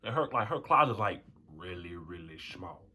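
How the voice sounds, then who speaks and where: A young man tells a story in a casual storytime vlog, animated and slangy. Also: moderate pace, a little hiss or hum. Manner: animated, swings to high voices for quotes. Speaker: storyteller vlogger.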